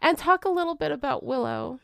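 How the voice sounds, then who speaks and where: A woman co-hosting a podcast in casual chat, emphatic and quick to agree. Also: high voice, gravelly, background noise. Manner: emphatic, agreeing, sighs in disgust. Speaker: podcast co-host.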